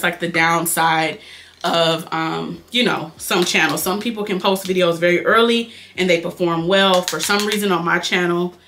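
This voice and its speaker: Young nasal Detroit woman, bright voice, quick chatty beauty-vlog delivery, calls viewers y'all. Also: lowish voice, a little hiss or hum. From Detroit, Michigan. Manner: fast-talking, chatty, addresses viewers as y'all. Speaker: beauty vlogger. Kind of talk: casual chat while doing makeup.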